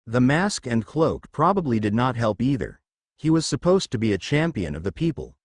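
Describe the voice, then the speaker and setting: Narrating fan fiction audiobook-style, this man has a mid-range voice and a normal speed. He gives all the characters' lines in one even voice, and there's no room sound at all.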